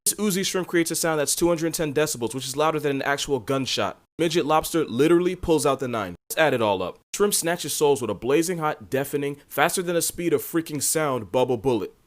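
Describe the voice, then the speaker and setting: A man's voice: on the high side, lively intonation, fairly quick, hardly any pauses. A man giving a scripted comedic narration in a hyped, punchy, slang-heavy way.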